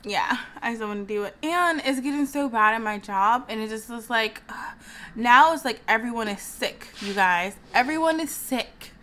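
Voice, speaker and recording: Young woman, higher-pitched, casual vlog chat, venting and sighing. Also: animated, moderate pace, sharp tone. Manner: venting, chatty, heavy use of "like", frequent sighs. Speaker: vlogger.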